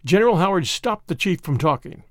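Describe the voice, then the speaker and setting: A man reading a first-person memoir aloud in a measured, plain storytelling manner. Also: high-pitched, animated, dry recording, clean studio sound. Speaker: audiobook narrator.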